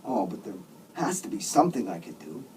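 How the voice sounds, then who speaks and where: A man's voice: fairly low pitch, sing-song, fairly quick, a little mellow, distant mic, slight background noise, poor audio. A man voicing a remorseful bearded man who blubbers apologies and earnest prayers. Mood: pleading. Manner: weepy, apologetic, earnest praying.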